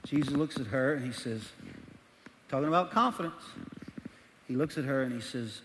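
Middle-aged pastor in a reverberant hall. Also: male voice, medium pitch, normal speed, long pauses, slight background noise. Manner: animated storytelling, swings between loud and hushed. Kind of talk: sermon. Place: church auditorium. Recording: long reverb of a large hall.

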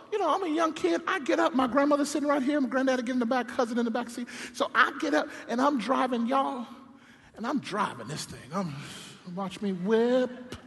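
A man's voice: very high-pitched, creaky, bright, forceful tone. A man preaching a comedic sermon, telling stories with playful, self-deprecating asides, from a stage in a large church sanctuary. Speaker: pastor. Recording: long hall reverb.

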